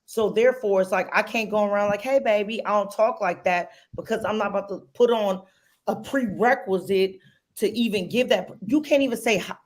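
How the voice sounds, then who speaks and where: A woman speaks in casual podcast chat, blunt and loose with her swearing. Her voice sits at a middle pitch. She builds her points into stories. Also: fairly quick. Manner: blunt, profane storytelling.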